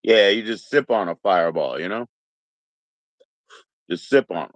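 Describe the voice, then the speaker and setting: Rambling and relaxed, this male livestream host greets viewers one at a time and throws in mock Aussie slang. His fairly low-pitched voice is expressive, at normal speed, with no echo.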